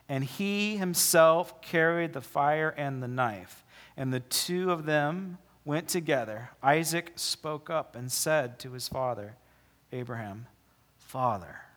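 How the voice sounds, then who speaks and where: A man preaching a sermon as pastor, mixing casual joking asides with slow, dramatic readings of scripture. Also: on the high side, a bit bright.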